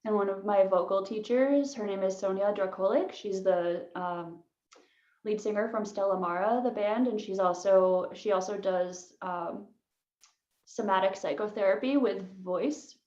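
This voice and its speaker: A woman leading a casual online voice lesson, chatty and quick to laugh, with lots of "like" fillers. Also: medium pitch, a little mellow, echoey room, lo-fi sound. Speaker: voice workshop leader.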